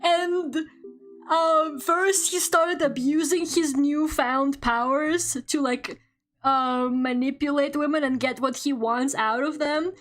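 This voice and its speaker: A woman's voice: sits high, steady tone, takes it slowly, fairly bright tone, faint music behind. A woman streamer chatting casually while she draws, rambling, swearing often and laughing a lot, at a home desk microphone.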